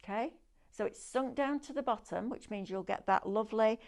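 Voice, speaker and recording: A woman with a fairly high, slightly mellow voice speaks at a moderate pace while hosting a live craft shopping demo. She's chatty and enthusiastic, running sales patter as she demonstrates the products.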